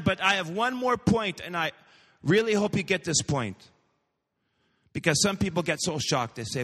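A man's voice: high-pitched, expressive, a little slow, long pauses, sharp tone, slightly rough, big-room sound. A male pastor preaching a sermon, telling a story and building to fervent proclamations.

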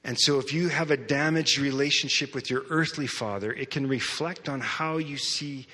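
Preacher guy telling his story, bright forceful voice, big echoey church sound. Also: mid-range voice, moderate pace. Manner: storytelling, animated, acts out his own reactions. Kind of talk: sermon testimony. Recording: long hall reverb.

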